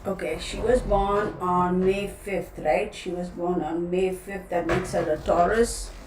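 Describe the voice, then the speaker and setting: A woman's voice: on the low side, fairly even intonation, unhurried, far from the mic, music in the background. A woman with a Texan accent hosting a tarot livestream in a chatty, rambling way, often breaking off mid-thought and calling her viewers "y'all". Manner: chatty, self-interrupting, addresses viewers as y'all. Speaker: tarot reader, channel host. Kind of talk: casual livestream chat. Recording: roomy, a bit off-mic.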